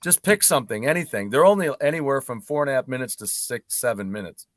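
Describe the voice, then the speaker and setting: A man's voice: medium pitch, lively intonation, quick pace. A middle-aged man co-hosting a casual chat show, talking eagerly and pushing his recommendations on the others. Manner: enthusiastic, pushes recommendations. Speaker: podcast co-host.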